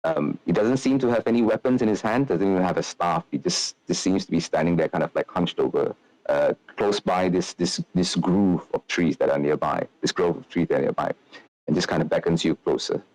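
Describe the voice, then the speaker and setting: A deep-voiced man runs a tabletop game, describing the scene at length with plenty of fillers and restarts. The recording is dry, with little room sound. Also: animated, brisk, darkish tone, dry recording, poor audio. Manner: rambling, filler-heavy description. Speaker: game master.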